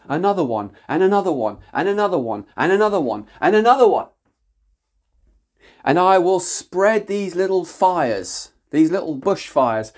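A man's voice: mid-range voice, a little mellow. A man preaching a prophetic word, speaking in the first person as God and building emphasis through repeated phrases. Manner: emphatic repetition, building in intensity.

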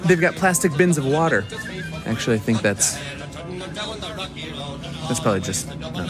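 A man's voice: mid-range voice, sing-song, moderate pace, over music. A man hosting a travel vlog, chatty and enthusiastic as he tours a large warehouse. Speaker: travel vlogger.

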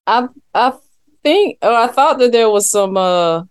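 A woman with a higher, swooping, lively voice who talks slowly and unhurriedly. She co-hosts a casual recap of a TV show, laughing often and dropping blunt jokes. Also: smooth. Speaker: podcast co-host.

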